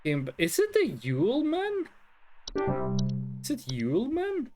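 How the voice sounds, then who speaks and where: A streamer giving live game commentary, thinking aloud and swearing in an animated way. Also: high voice, slow pace, over loud music.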